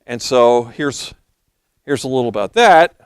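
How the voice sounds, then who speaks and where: A man preaching a sermon, retelling history in a loose storytelling way and reading passages aloud, hoarse as he is losing his voice. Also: medium pitch, lively intonation, unhurried, dry recording, clean studio sound. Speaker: pastor.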